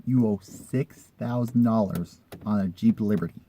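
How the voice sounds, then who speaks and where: Mellow-voiced man telling a rambling story. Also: fairly low pitch, measured pace. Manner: rambling, conversational, swearing. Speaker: vlogger telling a personal story. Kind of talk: casual storytelling.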